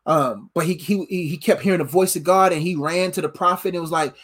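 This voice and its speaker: A tired preacher delivering an informal sermon in an animated, slang-filled way, often laughing. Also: medium pitch, a little fast.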